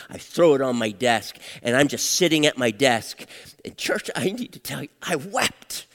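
Older male pastor, very animated preaching. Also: medium pitch, gravelly. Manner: emotional, dramatic swings from hushed to loud. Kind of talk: sermon with storytelling. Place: church. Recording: long hall reverb.

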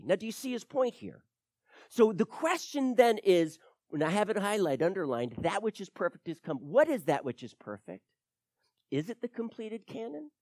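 Animated preacher man, lively dry delivery. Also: high-pitched, moderate pace, no room sound. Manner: emphatic, animated teaching with frequent repeated words. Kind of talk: verse-by-verse sermon.

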